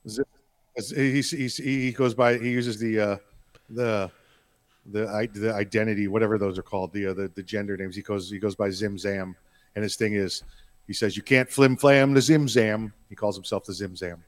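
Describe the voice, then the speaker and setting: A man's voice: lowish voice, level tone, moderate pace. A man co-hosting a casual podcast, joking around and hesitating with many fillers. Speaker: podcast co-host.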